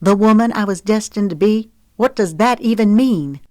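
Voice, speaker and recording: A woman reading the part of a defensive, sharp-tongued divorced mother in an audiobook, in a dry recording. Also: medium pitch, moderate pace, dry recording, pitched above the performer's own voice, lightly acted.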